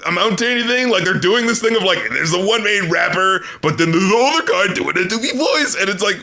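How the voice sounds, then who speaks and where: Bright-voiced, high-pitched chatty man. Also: lively intonation, fast. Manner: rambling, laughing, mock-quoting lyrics. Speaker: podcast co-host. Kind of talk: casual album review chat.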